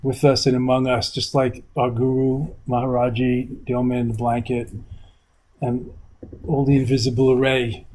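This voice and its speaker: Older male meditation teacher, rambling reflective interview talk, middle pitch. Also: little pitch movement, moderate pace, a little mellow, poor audio. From New York, USA. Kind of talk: reflective conversation. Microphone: video call.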